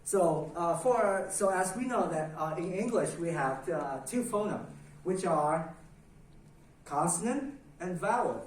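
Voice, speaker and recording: A man's voice: sits high, animated, unhurried, very echoey. Young man, classroom presentation, hesitant with fillers, far from the mic, faint room noise. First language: Vietnamese. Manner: hesitant, with many fillers, calls out tones for the class to repeat. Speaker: student presenter.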